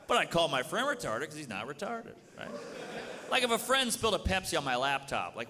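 Here a slightly high-voiced man is very animated and fairly quick, doing a crude, conversational comedy routine peppered with "you know." The live stage mic catches a reverberant club hall, with a loud crowd laughing and room noise behind him.

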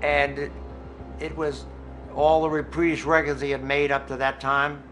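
A man with a bright, fairly high voice recalls a memory in halting, emotional bursts. Music sits beneath his interview throughout. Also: completely flat delivery. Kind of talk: personal recollection.

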